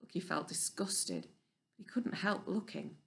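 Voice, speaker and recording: A woman reading a children's novel aloud in a clear, even storybook narration. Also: medium pitch, unhurried. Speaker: audiobook reader.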